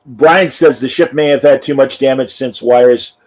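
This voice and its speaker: A man's voice: medium pitch, moderate pace, darkish tone, poor audio. A man hosting a casual review chat, talking conversationally and reading out listener comments. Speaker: podcast host.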